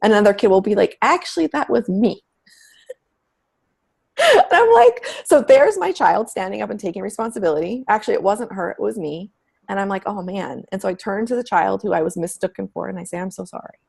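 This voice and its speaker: A woman's voice: mid-range voice, expressive, fast talker, vocal fry, a little mellow, slightly rough. A middle-aged woman speaking candidly as an interview guest, telling stories with emphatic, frank language. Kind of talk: conversational interview.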